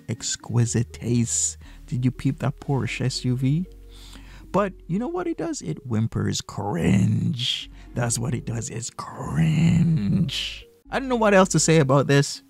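A man's voice: medium pitch, creaky. A man hosting a reaction commentary video, mocking and full of rhetorical questions. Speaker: commentary YouTuber.

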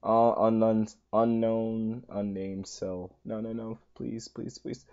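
Mellow-voiced man coaxing through a game. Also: flat delivery, slow pace, few pauses, lo-fi sound. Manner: talks to the game, pleading and coaxing with lots of repetition; exasperated outbursts, voice jumping high when upset. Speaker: gaming channel host. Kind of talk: let's play game commentary.

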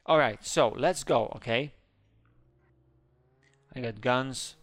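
A man hosting a gaming video, chattering excitedly through live gameplay commentary with small slips in his English. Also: medium pitch, slow, dry recording. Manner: excitable, narrates his own actions, squeals when scared.

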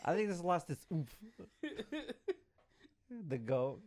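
A man's voice: on the high side, animated, slow pace, darkish tone. A young man co-hosting a comedy podcast, swearing freely and laughing a lot. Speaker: podcast co-host. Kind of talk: casual comedic chat.

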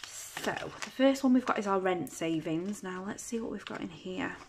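A woman with a fairly low voice talks casually through her budget at home, counting notes aloud in an easy, steady patter. A faint hiss sits under the recording. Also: moderate pace, vocal fry. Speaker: budgeting vlogger. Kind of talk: casual chat while counting cash.

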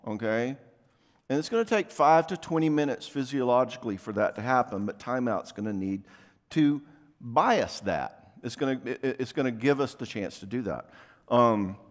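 A man giving a casual workshop talk at a marriage conference in a church, conversational and full of quick asides. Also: medium pitch. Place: church venue, live talk. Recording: long hall reverb.

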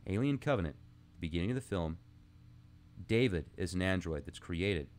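A man's voice: low voice, lively intonation, normal speed, a little mellow. A man hosting a podcast, musing aloud in a rambling, casual monologue with asides, reading old texts aloud between his thoughts. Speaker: podcast host.

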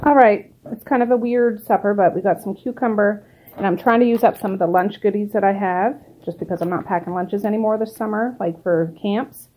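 A woman's voice: mid-range voice, a little fast, darkish tone, low-quality recording. A middle-aged woman chatting casually through her day in a vlog, rambling to the camera and talking to her pets and birds. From Nova Scotia, Canada. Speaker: vlogger.

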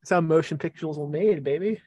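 A man's voice: a little high, brisk, dark tone, dry recording, clean studio sound. A man appearing as a podcast guest, chatting casually with irreverent, crude, wry humor. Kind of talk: casual joking chat.

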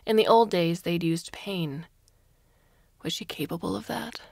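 A woman reading a science fiction story aloud as narrator, measured and even. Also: lowish voice, vocal fry, no echo, clean studio sound. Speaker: story reader. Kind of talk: scripted narration.

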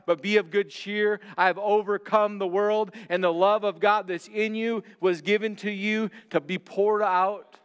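A male pastor preaching a sermon, swinging between loud declarations and hushed, slow lines. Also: sits high, clean tone, in a large hall.

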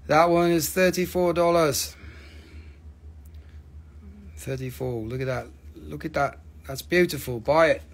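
A fairly high-voiced man runs a live crystal sale. He jokes and teases his viewers, swears casually, and rattles off prices between the gags. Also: unhurried, pauses often. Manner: joking, teasing, swears casually. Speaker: live-stream crystal seller. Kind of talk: joking live sales stream.

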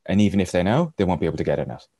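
A man's voice: low-pitched, animated, racing, warm tone, no echo. A man, a podcast guest, telling a rambling travel anecdote in casual storytelling style and chuckling as he goes.

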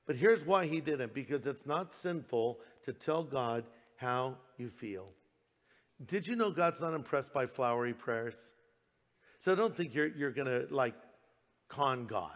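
A man's voice: medium pitch, animated, measured pace, long reverb tail. An older man, a pastor, preaching a sermon in a conversational way, slipping into quoted voices.

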